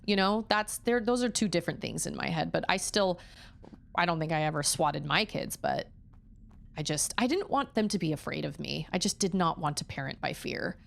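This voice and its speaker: A streamer and mother in her thirties chats candidly and at length while gaming, rambling and acting out the voices she quotes. Her voice is fairly low, with vocal fry.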